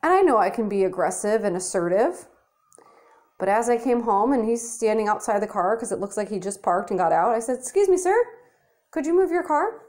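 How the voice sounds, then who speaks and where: A woman's voice: medium pitch, animated, a little fast, darkish tone. A young woman ranting to camera in her apartment, profane, blunt and exasperated, filming on a handheld phone. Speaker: vlogger. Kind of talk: angry rant to camera.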